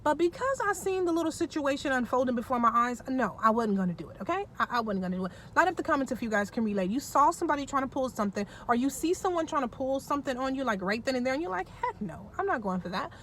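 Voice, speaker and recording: A woman's voice: high voice, racing, few pauses, slight background noise. Chatty woman telling a storytime. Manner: chatty, animated, laughs while telling. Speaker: storytime vlogger. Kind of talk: casual storytelling.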